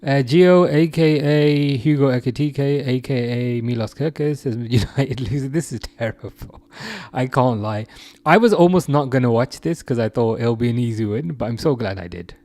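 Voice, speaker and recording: A man's voice: medium pitch, normal speed, warm tone, dry recording. A man casually hosting a football livestream, reading viewer comments aloud and laughing often. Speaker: livestream host reading chat.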